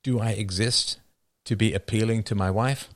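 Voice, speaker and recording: A man's voice: on the low side, steady tone, moderate pace. A man hosting a show, giving casual commentary and answering chat with rhetorical questions and frequent laughs. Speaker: show host.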